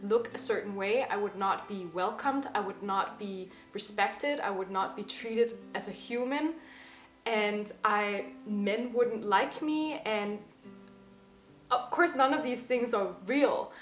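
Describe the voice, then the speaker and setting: A young woman in her twenties talking to camera in an earnest, emphatic personal monologue. She slows down to stress the words that matter most. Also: medium pitch. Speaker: vlogger. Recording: slightly echoey room with faint music.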